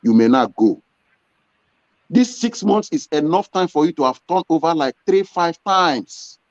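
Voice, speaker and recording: A man's voice: a little high, expressive, measured pace, dry recording. Man, earnest, storytelling, very dry sound, dull lo-fi audio. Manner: earnest, storytelling with acted quotes. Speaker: business owner guest. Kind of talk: interview answers.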